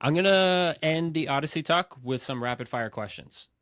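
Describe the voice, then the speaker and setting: A man hosting a casual movie podcast, telling stories in an excitable, animated way. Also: fairly high pitch, normal speed, dry recording, studio quality. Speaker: podcast host.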